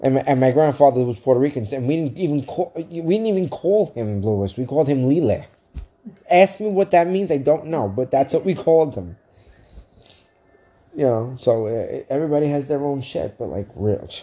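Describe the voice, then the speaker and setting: Guy on a podcast telling a wild story, swears a lot, warm low tone. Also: moderate pace. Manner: profane, animated storyteller. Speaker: podcast co-host. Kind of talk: casual storytelling chat.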